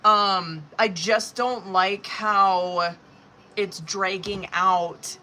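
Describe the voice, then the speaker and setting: A bright, clear-voiced woman doing a live tarot reading, talking bluntly to her viewer and peppering every line with swearing. She names each card as she draws it, and her delivery jumps between frank and emphatic. A faint hum of room ambience sits behind her. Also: mid-range voice, extremely slow. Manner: blunt, swears often, talks straight to the viewer; expressive, talks through cards as she draws them. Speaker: tarot reader.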